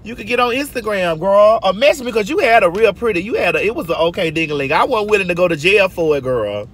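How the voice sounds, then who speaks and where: A woman's voice: medium pitch, lively intonation, fast. A woman telling stories in a casual vlog from a moving car, brassy and profane, calling her listeners girl and honey. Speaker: vlogger.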